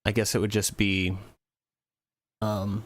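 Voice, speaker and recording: A man's voice: on the low side, level tone, slow, no echo. A man chatting casually on a music livestream, rambling and thinking aloud with many fillers. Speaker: music streamer.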